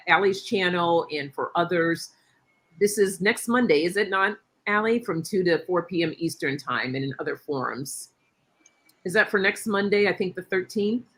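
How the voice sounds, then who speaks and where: A woman's voice: lowish voice, a bit bright. A middle-aged woman hosting a casual live-stream chat, affirming her guest and reading viewer comments aloud. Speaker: host.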